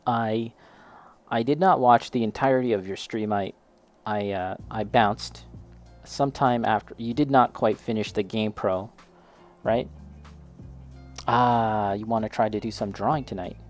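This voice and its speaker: A man's voice: fairly low pitch, measured pace, long pauses, soft background music. A man chatting casually while building a model kit, talking straight to a friend and laughing often.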